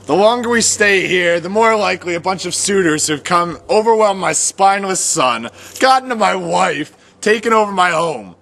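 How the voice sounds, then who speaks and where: A man's voice: sits high, lively intonation, normal speed, creaky, hardly any pauses, fairly bright tone. A young man playing a pompous, over-the-top hero in an amateur comedy film, speaking outdoors in a mock-heroic tone. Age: young adult. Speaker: lead actor playing the hero. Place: outdoors in a backyard.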